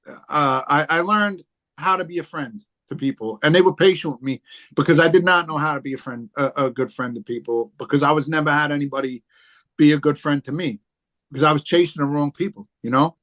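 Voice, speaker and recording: A man tells stories in relaxed, profane chat. He rambles and circles back, with plenty of fillers between his thoughts. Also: on the high side, brisk. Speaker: podcast guest, rapper. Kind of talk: casual chat.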